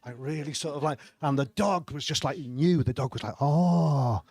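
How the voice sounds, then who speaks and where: A man's voice: a little high, brisk, darkish tone, slightly rough, dry recording. A middle-aged man telling stand-up stories on a comedy club stage, with a dry, self-deprecating delivery and frequent chuckles. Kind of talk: stand-up storytelling.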